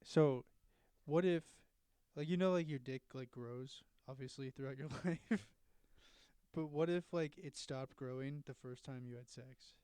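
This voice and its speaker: A man's voice: medium pitch, measured pace, mellow, smooth, no room sound. A young man co-hosting a podcast in casual chat, blunt and teasing, laughing often. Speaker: podcast co-host.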